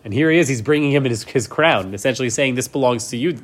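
A man's voice: medium pitch, fast. A man teaching a class, reading Hebrew verses and explaining them in English, often checking in with "right?". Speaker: Torah teacher. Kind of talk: class lecture.

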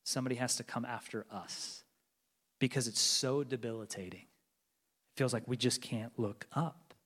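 A man in his forties preaching a sermon, moving between loud urgency and hushed, near-whispered lines. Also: mid-range voice, normal speed. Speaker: pastor. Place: large church sanctuary. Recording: long reverb of a large church hall.

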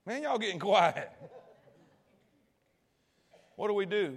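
A man preaching a sermon, telling a story in a folksy, colloquial way, swinging from loud to hushed and asking the audience questions. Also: high-pitched, animated, slow, long pauses. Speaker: pastor.

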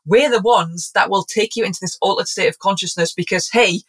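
A woman's voice: medium pitch, fairly quick, a bit bright, close to an everyday voice. A woman voicing generous, playful plants offering food and medicine. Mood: inviting.

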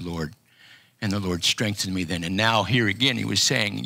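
An older man preaching an earnest personal testimony sermon, halting often with restarts. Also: fairly low pitch, gravelly, bright, forceful tone. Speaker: pastor.

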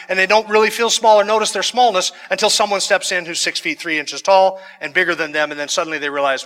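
A man's voice: on the high side, bright, forceful tone, long reverb tail. A man preaching a sermon, reading scripture verses and then explaining them in conversational asides with some humor. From United States. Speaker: pastor.

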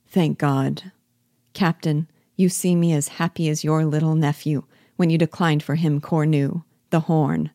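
A woman's voice: low voice, fairly even intonation, measured pace, warm tone, dry recording, clean studio sound. A woman voicing a rambling old sergeant. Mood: earnest, humble. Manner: humble, rambling, deferential. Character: loyal, sentimental old male army sergeant.

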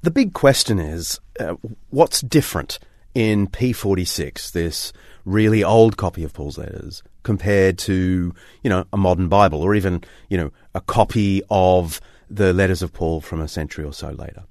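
Lively, low-voiced presenting man. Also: normal speed, no echo, clean studio sound. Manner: enthusiastic, chatty explainer. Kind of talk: documentary presenting and narration.

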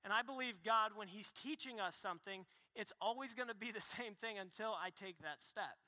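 Bright-voiced young pastor in a reverberant hall. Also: male voice, high-pitched. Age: young adult. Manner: animated, conversational preaching with quick asides and self-corrections. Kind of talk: sermon.

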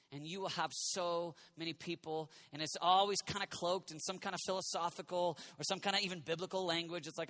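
Impassioned high-voiced young preacher man. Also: no room sound. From United States. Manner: impassioned, shouting and then dropping to a soft confiding voice. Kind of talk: sermon.

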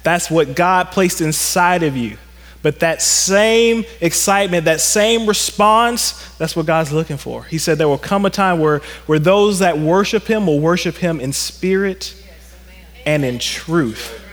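A male pastor preaching a sermon to a congregation, animated and acting out stories in quoted voices. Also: on the high side, measured pace. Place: church sanctuary. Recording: long reverb of a church hall.

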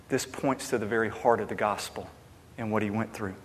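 A man preaching a sermon with passion, swinging between loud emphasis and hushed, quiet lines. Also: on the low side, normal speed, slight background noise. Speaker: pastor. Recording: long hall reverb.

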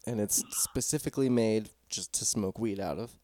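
A man's voice: lowish voice, moderate pace, mellow, dry recording. A man with an American accent hosting a casual podcast chat, playful and laughing often. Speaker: podcast host.

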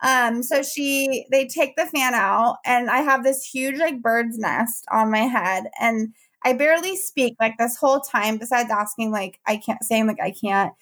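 A young woman, a podcast host, telling a story in casual chat, animated and laughing often as she acts out what people said. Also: on the high side, a little slow, few pauses. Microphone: podcast mic.

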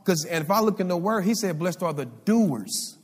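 A man's voice: high voice, normal speed, slightly rough. A male pastor preaching a sermon, calling out for responses from the congregation. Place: church sanctuary. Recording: live hall reverb.

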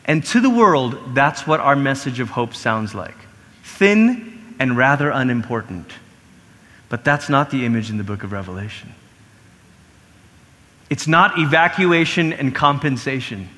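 Bright-voiced man preaching in a reverberant hall. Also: normal speed. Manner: animated, acts out quoted voices with big pitch swings. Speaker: pastor. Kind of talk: sermon. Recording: long reverb of a large hall.

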